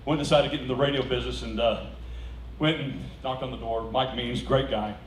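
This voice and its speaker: A man's voice: mid-range voice, fairly quick. Man telling anecdotes at an event, laughing as he goes, picked up from across a roomy hall with faint noise behind. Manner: animated anecdote-telling, laughing through punchlines. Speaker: speaker at a celebration. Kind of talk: storytelling speech to a live audience. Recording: echoey room heard from a distance, faint background noise.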